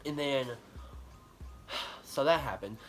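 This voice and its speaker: A man's voice: mid-range voice, moderate pace, soft background music. Chatty man telling a storytime. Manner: chatty and animated, full of likes and ums. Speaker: vlogger. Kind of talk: casual storytime monologue.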